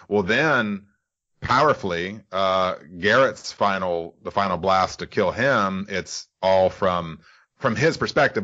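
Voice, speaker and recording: Male podcast co-host, very low voice, forceful bright tone, slightly lo-fi audio, rambling. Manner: rambling, hedging with "you know" and "I think". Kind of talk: podcast interview.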